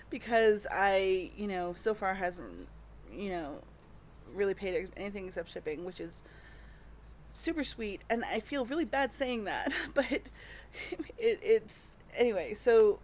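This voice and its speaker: A woman chatting casually to camera as a cross-stitch vlogger, rambling with many fillers and restarts and openly emotional. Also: medium pitch.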